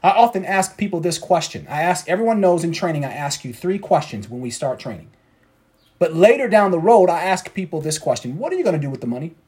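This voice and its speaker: A man's voice: a little high, lively intonation, quick pace, darkish tone. A man coaching traders in a motivational talk, preachy and repeating his points for emphasis. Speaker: trading coach.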